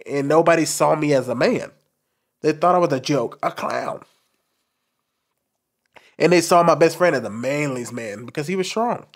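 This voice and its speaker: A young man with a soft, light voice he calls feminine, telling a candid personal story to camera in an expressive, forward way and talking with his hands. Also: a little high, normal speed. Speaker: commentary channel host.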